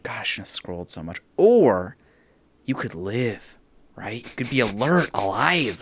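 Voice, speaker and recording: A man talks in casual podcast chat with a lively, swooping pitch. He rants, swears and laughs as he talks. The sound is close and dry, with little room. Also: no echo. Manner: animated, profane, laughing rants. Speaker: podcast host.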